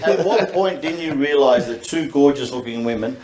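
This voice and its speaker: A man's voice: medium pitch, lively intonation, normal speed, a little mellow. A man hosting a comedy panel, teasing the guests and asking pointed questions. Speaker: host. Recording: echoey room.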